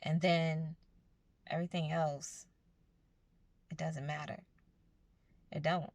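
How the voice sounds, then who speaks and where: A woman's voice: sits low, little pitch movement, takes it slowly, a little mellow, dry recording. A woman giving a casual, earnest motivational talk to her viewers, speaking conversationally about spiritual growth. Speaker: self-help vlogger.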